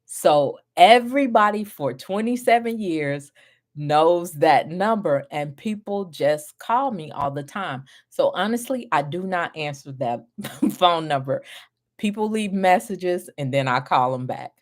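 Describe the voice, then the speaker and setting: A middle-aged woman mentoring group home owners, telling a story in an animated way, laughing often and acting out what people said. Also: on the low side, a little slow. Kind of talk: storytelling to viewers.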